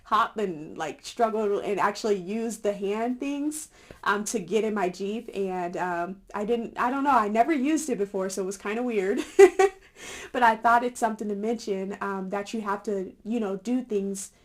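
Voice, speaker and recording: A young adult woman chatting casually to her viewers, filling pauses with "um" and "like" and laughing often. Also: medium pitch. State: a little winded. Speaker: vlogger. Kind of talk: casual chat to camera.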